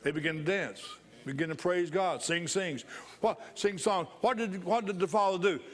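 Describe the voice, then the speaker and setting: Man, pastor, sermon, fairly high voice, repeats lines, laughs out loud. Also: moderate pace. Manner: repeats phrases for emphasis, bursts into laughter.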